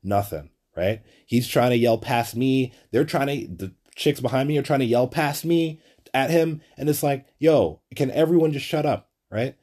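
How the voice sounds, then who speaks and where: A man's voice: mid-range voice, normal speed, darkish tone. A young man, host of a podcast, telling a story in a casual, profane, rambling monologue full of "like". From Flatbush, Brooklyn. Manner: profane, rambling, heavy use of "like".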